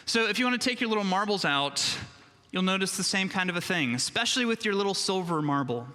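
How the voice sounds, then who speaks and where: A male pastor giving a children's sermon in a church sanctuary, speaking slowly and emphatically and leading the congregation to repeat phrases after him. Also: high-pitched, animated, pushed and bright. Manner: slow, emphatic, leads call-and-response. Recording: long church reverb.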